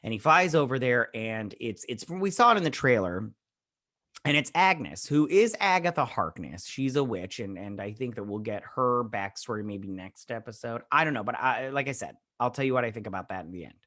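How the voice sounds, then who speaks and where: A man's voice: medium pitch, lively intonation, normal speed, pushed and bright, no room sound, studio quality. A man casually recapping a TV episode as a reviewer, rambling and retelling scenes with "I was like". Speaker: show reviewer.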